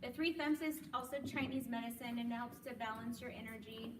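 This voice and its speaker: A woman leading a group wellness class, explaining calmly and encouraging people to join the exercises. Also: a little high, brisk, noisy background. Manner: encouraging, demonstrates loud shouts. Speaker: workshop leader. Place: room with a group. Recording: echoey room, from far off.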